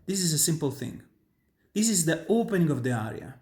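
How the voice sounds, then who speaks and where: Italian-accented tenor giving a singing lesson. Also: male voice, a little high, sing-song, a little fast, darkish tone. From Italy. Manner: earnest, emphatic teaching with frequent restarts. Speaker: opera tenor and voice teacher. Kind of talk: instructional talk on singing.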